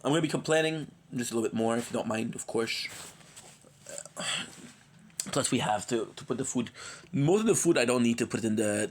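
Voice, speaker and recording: Chatting loosely on his gaming livestream, a worn-out man addresses familiar viewers by name, rambling playfully and dropping in foreign phrases while sounding like he's catching a cold. He speaks briskly at an ordinary middle pitch, pausing often.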